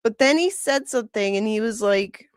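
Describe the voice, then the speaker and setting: A woman's voice: on the high side, expressive, normal speed, clear, resonant tone, no room sound, clean studio sound. A woman hosting a livestream, chatting casually in a gossipy way and laughing often. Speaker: livestream host.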